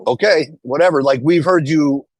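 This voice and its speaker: A man's voice: a little high, normal speed. A man on an online voice call, bluntly accusing the others and swearing freely. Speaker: caller confronting the hosts. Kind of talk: heated group voice call.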